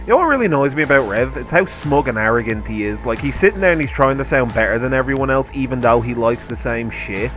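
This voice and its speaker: A man's voice: medium pitch, expressive, quick pace, few pauses, fairly bright tone, faint music behind. A man hosting a commentary video, ranting heatedly and sarcastically with constant swearing. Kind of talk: angry rant commentary.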